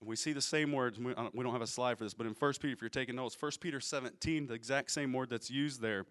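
A man of medium pitch preaches a sermon in a relaxed, conversational way. He explains things patiently and keeps checking in with the congregation, asking them questions as he goes. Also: fast. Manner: casual, explanatory, asks the audience questions.

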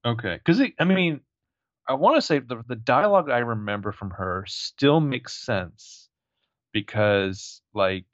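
A man's voice: medium pitch, lively intonation, a little slow, no echo, dull audio. A man co-hosting a podcast, chatting and musing about a TV episode. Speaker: podcast co-host. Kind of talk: casual recap chat.

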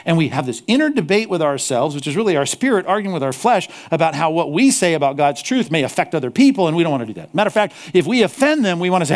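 A male pastor preaching a sermon, animated, slipping into mocking apologetic asides. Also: fairly high pitch, quick pace, hardly any pauses.

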